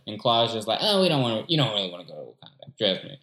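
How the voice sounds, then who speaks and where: A man's voice: on the low side, big pitch swings, very fast, a bit bright, roomy sound. A man in casual chat, animatedly retelling a movie and acting out the characters' lines.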